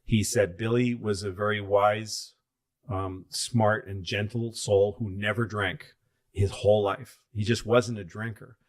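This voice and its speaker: A man's voice: lowish voice, little pitch movement, measured pace. A comedian in his fifties, telling rambling, profane stories in casual chat.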